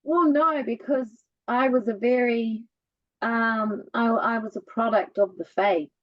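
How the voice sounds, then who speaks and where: A woman's voice: fairly high pitch, a little slow, dry recording, muffled recording. Musical-voiced woman telling stories. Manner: lively storyteller with a musical cadence. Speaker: guest. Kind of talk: casual chat.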